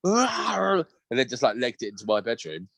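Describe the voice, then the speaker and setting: A man's voice: lowish voice, fast talker, dry recording. A man, co-hosting a podcast, chatting casually and telling sweary, laughing stories. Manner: sweary, laughing, animated storytelling. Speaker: podcast co-host. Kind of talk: casual chat.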